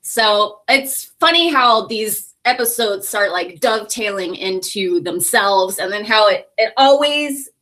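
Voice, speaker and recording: A woman from California talking casually to camera in a vlog, candid and quick to laugh, often correcting herself as she goes. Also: medium pitch, expressive, a bit bright. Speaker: vlogger and podcast host.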